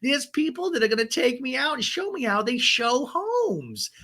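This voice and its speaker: A man impersonating a bubbly, sentimental female reality star in a sing-song, drawn-out way. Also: very high-pitched, big pitch swings, sharp tone, voice pushed up, exaggerated voice. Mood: proud.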